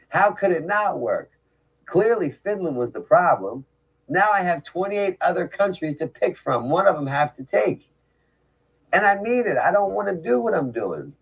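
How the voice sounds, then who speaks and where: In this low-quality recording, a man speaks at a medium pitch with a slightly rough voice. It's a personal storytelling talk: he recounts his recovery with candor and emphasis, peppering the account of his past with rhetorical asides.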